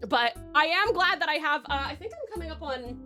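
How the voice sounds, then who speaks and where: A woman's voice: high-pitched, animated, brisk, bright, forceful tone, soft background music. A young woman streamer chatting casually as she reads viewer comments, laughing often and talking with lots of fillers. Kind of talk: casual live-stream chat, reading comments.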